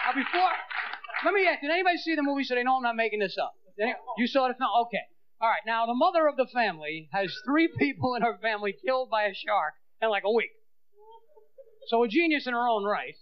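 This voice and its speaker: A man tears through a stand-up routine with a strikingly high voice, acting out the people in his stories. The recording is dull and lo-fi, with a clear hiss under the voice. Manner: fast, animated, acting out voices of people and the movie. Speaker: stand-up comedian.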